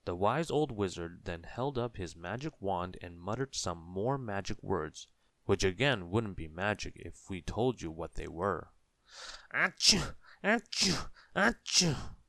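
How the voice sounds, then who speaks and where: A man reading a children's story aloud in a gentle, measured way. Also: low-pitched, lively intonation, dry recording.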